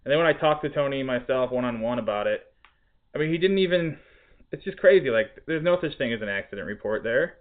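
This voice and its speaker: A man's voice: mid-range voice, expressive, fast. Man telling a story over tinny audio. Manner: laughing, profane, exasperated storytelling. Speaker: podcast host; restaurant cook. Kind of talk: casual storytelling chat.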